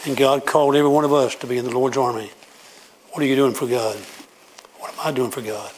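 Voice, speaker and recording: A man's voice: medium pitch, steady tone, fast talker, a little hiss or hum. A man preaching a sermon, emphatic and repetitive as he pleads with his congregation.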